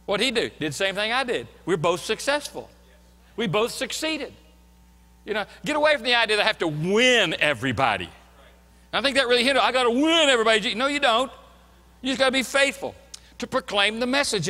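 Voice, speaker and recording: A man's voice: high voice, sharp tone, long reverb tail. A man preaching a sermon as a pastor, earnest and emphatic, repeating his key points. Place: church sanctuary.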